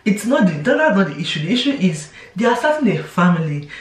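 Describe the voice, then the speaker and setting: A young woman vlogger chats confessionally to camera in a brisk, mid-range voice with big pitch swings. She often restarts sentences and slips into quoted voices, and the roomy recording catches her from a distance.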